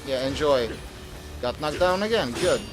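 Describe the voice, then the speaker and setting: A man's voice: mid-range voice, lively intonation, unhurried, over music. A young man streaming a video game, talking through his play, swearing and grumbling at the enemy and his computer. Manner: cursing, exasperated at the game. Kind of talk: live gameplay commentary.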